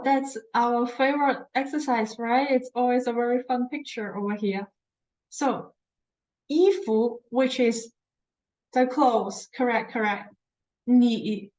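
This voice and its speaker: Slow, patient woman language teacher. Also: a little high, darkish tone, highs cut off. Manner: patient, explanatory, repeats words for practice; self-correcting, searches for words. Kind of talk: online language lesson.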